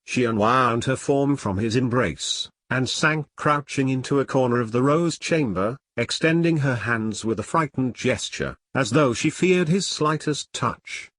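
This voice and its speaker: A man narrating a 19th-century novel aloud in a theatrical, expressive reading style. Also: medium pitch, unhurried, dry recording, studio quality. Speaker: audiobook narrator.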